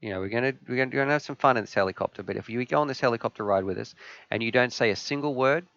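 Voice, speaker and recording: A man's voice: mid-range voice, very fast, gravelly, a bit bright, dull audio. A man voicing a playful helicopter pilot who offers an old couple a bet. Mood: bargaining. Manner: bargaining, playful.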